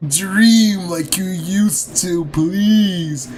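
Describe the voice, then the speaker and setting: A man voicing an earnest young man who pleads with his brother, in a slow, strained, drawn-out voice over game music. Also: sits high, darkish tone, pitched above the performer's own voice. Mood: pleading.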